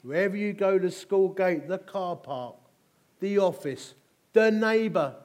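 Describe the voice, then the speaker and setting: A middle-aged man from England preaches, weaving humorous stories into his sermon and hammering points home through repetition. His high-pitched voice runs a little slow, and his manner is animated.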